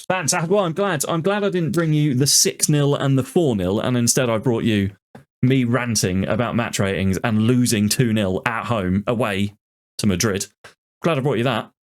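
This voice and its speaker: A man commentating on his football management game, ranting in exasperation about it. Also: mid-range voice. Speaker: gaming YouTuber.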